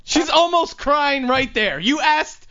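A man's voice: very high-pitched, expressive, slow pace, bright, forceful tone, muffled recording. A man hosting a comedy talk show, playfully mocking clips and laughing often. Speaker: host.

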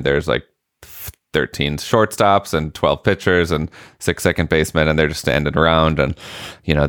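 A man's voice: a bass voice, smooth, dry recording, clean studio sound. A man in his late thirties, co-hosting a podcast, who tells stories in casual chat and acts out the people he quotes. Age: late 30s. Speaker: podcast co-host.

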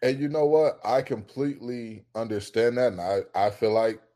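A man co-hosting a casual sports debate show, arguing his points with heat and climbing into loud, emphatic rants. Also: mid-range voice, moderate pace.

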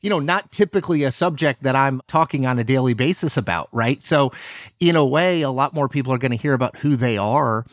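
A man, a journalist guest, explaining things in an animated, emphatic way and hedging with "you know.". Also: mid-range voice, a little fast, no echo, studio quality. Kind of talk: conversational explanation.

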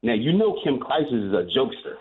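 A man calling in to a radio show, telling a rambling, animated story and repeating himself as he goes. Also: mid-range voice, brisk. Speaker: caller. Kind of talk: telling a story on a phone call. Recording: tinny phone line.

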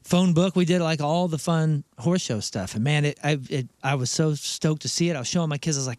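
Brief: Missouri-accented co-host, a man, rambling and animated, dry studio sound. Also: a little high, moderate pace, dry recording. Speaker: radio show co-host and band singer. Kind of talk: casual studio banter. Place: radio studio.

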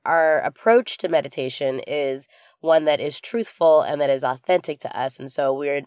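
Low-voiced woman co-hosting a casual podcast. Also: no echo, studio quality. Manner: laughs often, thoughtful, restarts sentences. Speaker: podcast co-host. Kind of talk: casual chat.

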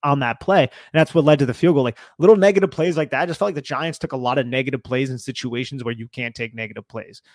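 A man co-hosting a casual sports podcast, animated and conversational with a loose, filler-heavy delivery. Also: mid-range voice, fast, few pauses, no echo, studio quality. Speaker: podcast co-host.

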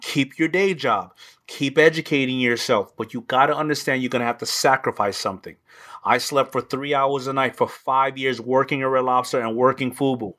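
A man who is a podcast guest gives advice in an energetic, emphatic way. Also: mid-range voice, moderate pace. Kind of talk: interview talk, giving advice.

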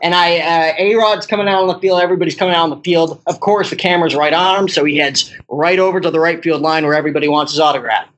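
A man's voice: on the high side, fairly even intonation, fast talker, hardly any pauses, fairly bright tone, a little hiss or hum, rough recording. A young man, a podcast guest telling a story in casual chat, rambling and laughing, with "like" in every other phrase.

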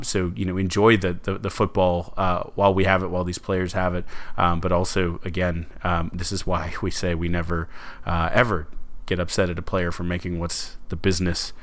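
A man co-hosting a sports podcast, talking in a halting, jokey way with many fillers. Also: sits low. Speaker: podcast co-host. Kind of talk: casual sports podcast chat.

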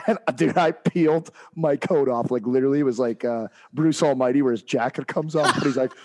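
A man's voice: medium pitch, a little mellow. A man co-hosting a hockey podcast, telling a heated coaching story in casual chat with lots of fillers and restarts.

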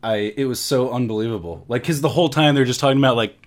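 A man co-hosting a casual sports podcast, talking in a fast, emphatic, animated way. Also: medium pitch. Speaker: podcast co-host.

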